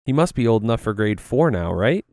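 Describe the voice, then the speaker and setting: A man's voice: fairly low pitch, very animated, fairly quick, a little mellow, no room sound. A man voicing a chatty, sweetly confused older woman neighbor who talks in a chirpy, insistent way.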